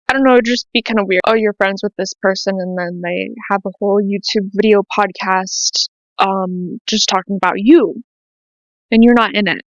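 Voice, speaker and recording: A woman's voice: medium pitch, no echo, highs cut off. A teenage woman with an American accent, hosting her own podcast in a rambling, emotional, casual confessional way with lots of "like". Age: late teens. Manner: emotional, rambling, says "like" often. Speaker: podcast host. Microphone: to camera, self-filmed.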